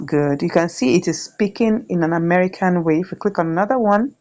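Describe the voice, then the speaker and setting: Lower-voiced woman teaching casually. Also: fairly quick, darkish tone, lo-fi sound. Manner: chatty, repeats "right?" often. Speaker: YouTube tutorial host. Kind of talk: screen-share tutorial.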